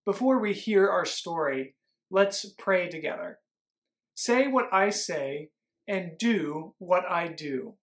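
A man's voice: sits high, animated, slow. A man working as a children's pastor, reading a Bible story to young children and leading them in call-and-response prompts.

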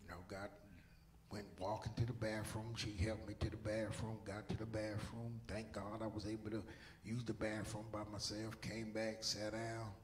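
A man preaching a sermon as pastor, swinging between loud shouts and hushed whispers. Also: fairly low pitch, level tone, moderate pace. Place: church sanctuary.

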